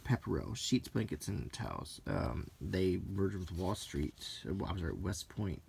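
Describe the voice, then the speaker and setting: Soft-spoken man with a gravelly voice. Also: deep voice, expressive, moderate pace, slight background noise. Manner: quiet and musing, reading aloud with asides. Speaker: host flipping through an old magazine. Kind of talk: soft-spoken unintentional ASMR.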